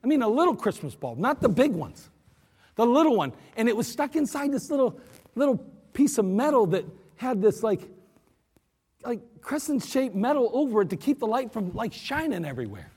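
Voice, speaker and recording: A man's voice: very high-pitched, normal speed, husky. A man preaching a sermon with storytelling and acting out the voices of the people in his stories. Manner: animated storyteller, acts out voices. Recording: long hall reverb.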